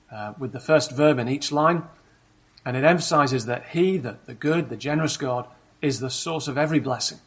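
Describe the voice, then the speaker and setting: A man with a medium-pitched, husky voice preaches a sermon in a measured, explanatory way, frequently posing rhetorical questions to the congregation.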